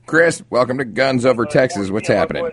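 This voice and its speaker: A man hosting a talk radio show and taking calls in a relaxed, hesitant way. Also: medium pitch, a little fast, crowd noise.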